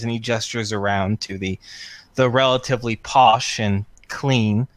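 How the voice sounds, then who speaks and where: A man's voice: fairly low pitch, steady tone, no room sound. A man narrating scenes as game master of a tabletop game, descriptive and full of fillers. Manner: descriptive, filler-heavy, unhurried.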